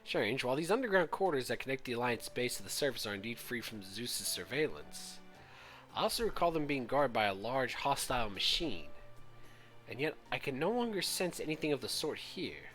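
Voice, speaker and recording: A man reading aloud as a calm, formal emperor spirit, in measured and proper wording. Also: mid-range voice, soft background music. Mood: puzzled.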